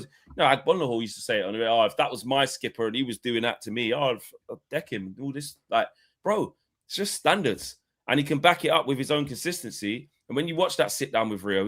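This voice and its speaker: A man's voice: mid-range voice, a bit bright. A man co-hosting a casual live football chat. He swears freely and acts out players' rants. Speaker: football podcast co-host.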